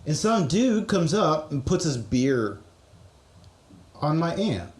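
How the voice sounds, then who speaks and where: Man, musician, podcast co-host, halting earnest storytelling. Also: on the high side, very animated, a little mellow. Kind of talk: casual chat.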